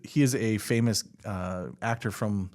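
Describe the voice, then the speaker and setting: A man's voice: on the low side, fairly even intonation, measured pace, a little mellow. A man hosting a podcast, casually recapping a film, swearing freely and laughing as he retells scenes. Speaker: podcast host. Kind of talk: casual movie recap chat.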